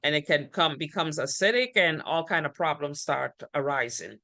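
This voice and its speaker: A woman hosting an online talk show, calmly explaining a health point over a video call. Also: deep voice, normal speed, no echo.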